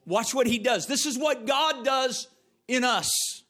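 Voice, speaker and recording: A man's voice: very high voice, slow pace, sharp tone. A middle-aged man preaching a sermon, telling stories and repeating phrases for emphasis. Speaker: pastor.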